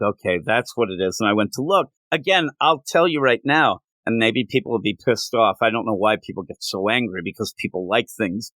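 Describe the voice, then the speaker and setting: A man co-hosting a comic review chat, rambling loosely and circling back as he explains. He restarts his sentences often, in a mid-pitched voice. The recording is dry, with no room sound. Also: dry recording. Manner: rambling, animated, with many restarts.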